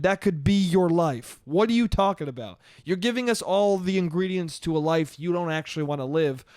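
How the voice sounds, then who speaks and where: A man with a high voice rants through a story on his solo comedy podcast. He sounds exasperated, swears freely and keeps saying "dude." The sound is dry and close, with no room echo. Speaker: podcast host. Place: New York.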